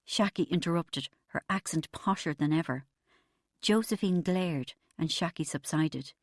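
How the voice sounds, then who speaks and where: A woman narrating an audiobook in the first person, wry and even. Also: low-pitched, moderate pace, no echo, clean studio sound.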